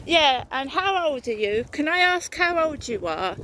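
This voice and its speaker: A woman with a high voice rants angrily and swears freely while out walking. She is recorded outdoors, and clear traffic and rural sounds carry behind her. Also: sing-song, a little slow, bright, forceful tone. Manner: angry, profane ranting. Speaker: vlogger. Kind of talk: walking vlog rant. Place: outdoors on a walk. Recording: outdoor background noise.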